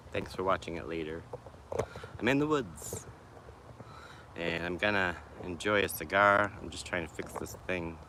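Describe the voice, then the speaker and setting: Low-voiced Boston man chatting outdoors. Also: background noise. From Boston, USA. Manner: rambling, greeting chat viewers by name. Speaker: vlogger livestreaming. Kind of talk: casual livestream chat. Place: small wooded patch in a city, outdoors. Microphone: phone on a selfie stick.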